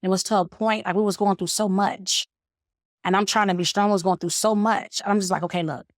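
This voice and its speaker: A woman's voice: mid-range voice, steady tone, fairly quick, dry recording, clean studio sound. A middle-aged woman, a mother and podcast guest, earnestly filling in details of her son's story in casual talk. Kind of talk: casual conversation.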